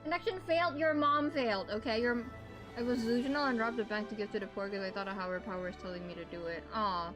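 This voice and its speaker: A woman's voice: mid-range voice, fast, music in the background. A young adult woman streaming a game, chatting casually and animatedly with her viewers at a desk microphone. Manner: chatty and animated, talks to her chat, exclaims often. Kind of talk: casual gaming livestream chat.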